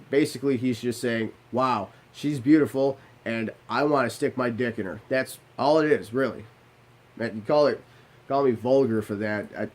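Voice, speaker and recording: A young man telling a personal story casually, with blunt swearing and self-mocking asides. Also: medium pitch. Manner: profane, self-deprecating, animated asides.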